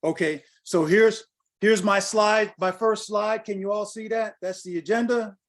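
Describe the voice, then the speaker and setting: Blunt high-voiced man leading a workshop. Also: steady tone, measured pace. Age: older. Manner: blunt, direct, addresses audience with questions. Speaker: guest speaker on pricing. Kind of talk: workshop talk on a video call. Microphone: video call.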